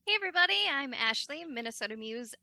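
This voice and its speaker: A woman's voice: high-pitched, expressive, fast, sharp tone, dry recording. A woman introducing herself as a player on a tabletop game podcast, cheerful and a bit scattered. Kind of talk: casual podcast chat.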